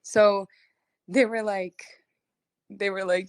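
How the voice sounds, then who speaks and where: A woman's voice: mid-range voice, slow, pauses often. Chatty young woman telling a story. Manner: chatty and animated, fills with "like" constantly, laughs between phrases. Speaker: singer chatting with fans. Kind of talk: casual storytelling on a livestream.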